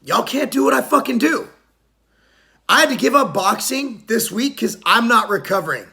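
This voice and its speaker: A man's voice: extremely high pitch, lively intonation, normal speed, creaky, pushed and bright. A middle-aged man, a fitness vlogger, giving a brash, profane, mocking rant to the camera.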